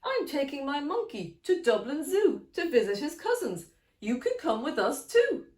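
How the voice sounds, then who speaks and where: A woman's voice: sits high, big pitch swings, normal speed, darkish tone, reverberant, far from the mic. Brief: cheerful old monk, voiced by a woman reader. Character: kindly old male monk.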